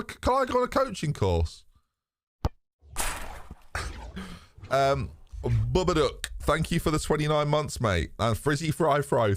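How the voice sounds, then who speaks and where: Animated man streaming a game. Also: mid-range voice, no room sound, clean studio sound. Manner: animated, talks to chat, swears casually. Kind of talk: live gameplay commentary.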